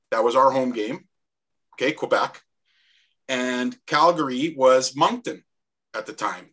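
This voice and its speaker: A man's voice: medium pitch, a bit bright. A Canadian man in his sixties, a former hockey player, telling rambling anecdotes as a podcast guest and acting out the voices in them. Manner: rambling anecdotes with laughs, acts out quoted voices. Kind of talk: casual storytelling.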